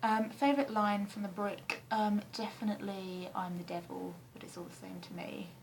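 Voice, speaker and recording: A young woman from England chatting casually to camera in her flat, rambling and self-deprecating with frequent ums and the odd swear word. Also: medium pitch, moderate pace, creaky, slight background noise, low-quality recording. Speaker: vlogger answering a tag questionnaire. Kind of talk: casual chat. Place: flat, indoors.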